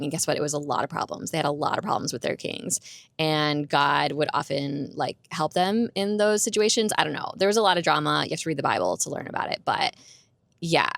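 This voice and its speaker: A woman's voice: low voice, brisk, vocal fry, fairly bright tone, no echo. A young adult woman hosting her own podcast, chatting candidly on her own and laughing often. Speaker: podcast host. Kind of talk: casual solo podcast chat. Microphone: roommate's borrowed microphone.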